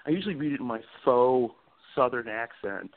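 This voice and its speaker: Author guy on a tinny phone line, dry sound, reads out loud then rambles excitedly. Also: medium pitch, brisk, no room sound. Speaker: author and guest. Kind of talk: casual chat and dramatic reading.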